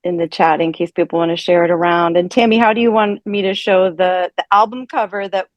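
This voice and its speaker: A woman's voice: fairly low pitch, steady tone, brisk, no echo, lo-fi sound. Cheerful woman hosting a video call. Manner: cheerful, chatty, with small laughs. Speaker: host of an online event. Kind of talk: casual chat on a video call.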